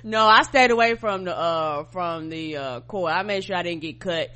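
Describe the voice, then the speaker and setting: A woman's voice: on the low side, normal speed. A woman co-hosting a podcast, telling stories in casual slangy banter. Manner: animated, laughing, slangy storytelling. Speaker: podcast co-host.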